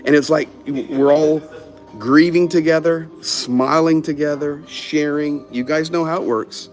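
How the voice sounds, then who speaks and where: A man's voice: fairly high pitch, unhurried, soft background music. A man telling a story in casual conversation, acting out the people he quotes. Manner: animated, acts out quoted voices.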